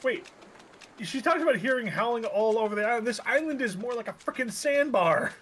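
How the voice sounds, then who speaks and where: A man's voice: extremely high pitch, lively intonation, fairly quick, fairly bright tone, a little hiss or hum. A man playing a video game with a friend, making wry, sarcastic remarks. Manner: wry, sarcastic, swears casually. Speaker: game co-player. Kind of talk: casual co-op gaming chat. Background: game music.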